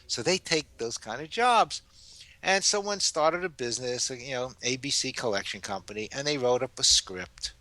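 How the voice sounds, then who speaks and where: A man, giving advice as a guest in a casual interview and telling stories with lively energy. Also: mid-range voice, normal speed, no echo. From New York. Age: 70s. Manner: animated storyteller. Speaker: guest author.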